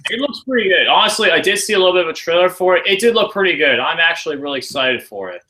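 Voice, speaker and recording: A man hosts a casual podcast, reading out listener questions and reacting with excited swearing. His voice is very bright and a little high. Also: rapid-fire, slight background noise, low-quality recording. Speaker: podcast host. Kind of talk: casual chat.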